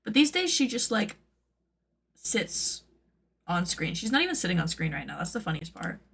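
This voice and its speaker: A woman who makes cosplay patterns, chatting casually on her stream, rambling with lots of "like" and playful jumps into high silly tones. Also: very animated, moderate pace, vocal fry, fairly bright tone, slightly rough.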